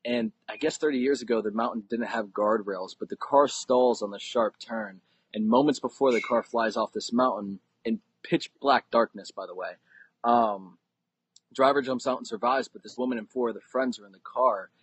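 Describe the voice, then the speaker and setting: A man tells a personal story with earnest conviction, building suspense as it unfolds. His voice is husky and his pitch sits in a middle range. The sound is dry and close, with no room echo. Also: moderate pace. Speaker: podcast guest. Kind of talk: conversational storytelling.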